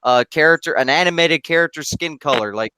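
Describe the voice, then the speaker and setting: A man from the United States in casual group chat, loud, profane and animated. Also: a little high, brisk, clean tone, dry recording. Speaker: stream guest.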